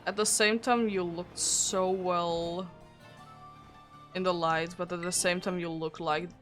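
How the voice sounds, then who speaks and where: Young woman, Finnish accent, unhurried, low voice, giggles a lot, faint music underneath. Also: steady tone, a bit bright. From Finland. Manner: chatty and giggly, with frequent laughs and restarts. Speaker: streamer. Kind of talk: casual livestream chat.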